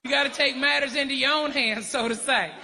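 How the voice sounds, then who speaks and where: A man's voice: extremely high pitch, steady tone, a little fast, gravelly, bright, forceful tone, slight background noise. A man performing a brash, profane stand-up comedy set before a live audience in a large venue. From Arkansas, US. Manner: brash, profane, punchy delivery with crowd work. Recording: reverberant live hall with crowd laughter.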